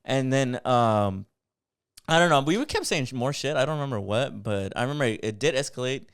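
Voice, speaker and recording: A young man co-hosting a podcast, telling a story in a casual, animated way and swearing a lot. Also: mid-range voice, fairly quick, clean tone, dry recording, studio quality. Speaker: podcast co-host.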